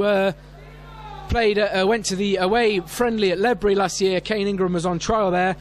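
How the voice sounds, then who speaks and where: High-voiced man calling a football match. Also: steady tone, brisk, a little hiss or hum. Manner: reads team sheets with many fillers, rises sharply at big moments. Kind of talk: club radio match commentary. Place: outdoor football stadium.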